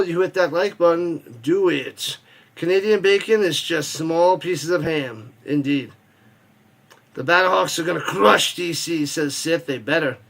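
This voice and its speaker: Guy with a pretty high voice running a football watch stream, rambly and jokey, reads chat out loud. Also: vocal fry. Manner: rambling, joking, reads chat comments aloud. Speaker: watch party host and play-by-play streamer. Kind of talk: casual live-stream chat with play-by-play calls.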